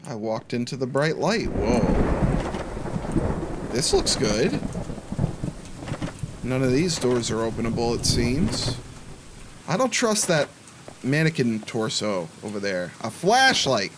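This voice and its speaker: A man's voice: medium pitch, big pitch swings, slow pace, pauses often, noisy background. A young man giving chatty, jumpy commentary to himself while playing a horror game. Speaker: gameplay commentator. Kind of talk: let's play commentary. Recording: faint music behind the voice.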